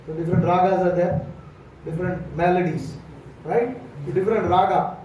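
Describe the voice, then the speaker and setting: South Indian man, high mellow voice, temple lecturer; roomy distant mic, faint hum. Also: steady tone, moderate pace. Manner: storytelling, acts out dialogue, many fillers. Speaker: monk lecturer. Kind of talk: morning lecture. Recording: echoey hall, far from mic, faint hum.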